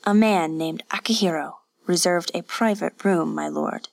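A woman voicing a frightened, servile innkeeper's wife who speaks humbly and softly. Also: fairly low pitch, unhurried, vocal fry, no echo. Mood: apologetic. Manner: humble, apologetic, soft.

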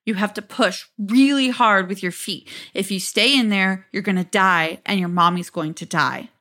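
A female therapist speaks in a calm, coaxing tone that can turn harsh, as a woman reads her lines from a transcript. The voice is bright and crisp. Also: mid-range voice, moderate pace, natural voice. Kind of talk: dramatic transcript reading.

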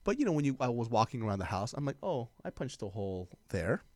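A man co-hosting a casual podcast who gets worked up as he retells funny stories. He swears freely and shouts out the punchlines, and his pitch swings up and down. He is recorded close on a dry mic. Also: big pitch swings, fast talker, no echo. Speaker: podcast co-host. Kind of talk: casual chat.

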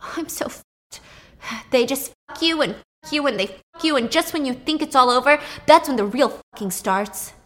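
Woman putting on a paranoid young guy, frantic, swearing, loud and high. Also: animated, fairly quick. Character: panicked paranoid young man, erratic.

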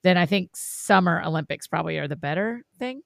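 A woman's voice: lowish voice, animated, fairly quick, gravelly, no room sound, clean studio sound. A woman co-hosting a podcast in casual, enthusiastic chat. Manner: enthusiastic, laughs easily. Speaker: podcast co-host.

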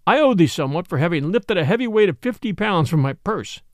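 A man reading the lines of a merry, hearty king in a storybook, speaking loud and full. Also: sits high, expressive, fast, no room sound, clean studio sound. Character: merry hearty male king, disguised as friar.

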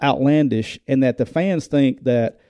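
A middle-aged man with a medium-pitched voice speaks a little slowly, with no room sound in the recording. Formerly a football coach, he co-hosts a casual show, laughing as he tells stories and animatedly voicing the people he quotes.

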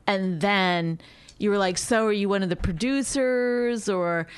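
A woman co-hosting a podcast, teasing her husband in casual banter and mocking him with quick impressions. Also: mid-range voice, smooth. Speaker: podcast co-host. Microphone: studio microphone.

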